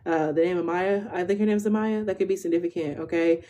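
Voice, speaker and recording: Young woman, tarot reader, low warm voice, casual live reading, keeps asking okay. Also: steady tone, fast, slight background noise. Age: 20s. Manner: chatty, tags nearly every phrase with "okay?"; slangy, informal delivery.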